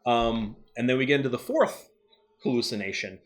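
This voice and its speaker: Animated man chatting casually. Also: mid-range voice, moderate pace. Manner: animated, acts out character lines. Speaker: show co-host. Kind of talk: casual review chat.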